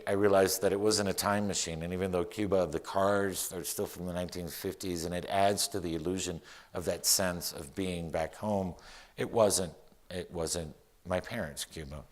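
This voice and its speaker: A male poet from Miami speaks to a live audience in a low, easy voice. He jokes at his own expense and then reads his poem with lively, building emphasis. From Miami, United States. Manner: relaxed, wry, self-deprecating humor. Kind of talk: public talk and poetry reading. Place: live event before an audience.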